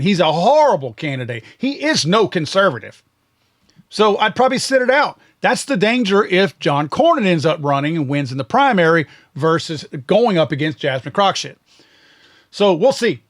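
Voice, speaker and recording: A man's voice: high voice, fairly bright tone. Blunt, sarcastic male podcast host. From Louisiana. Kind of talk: political commentary monologue.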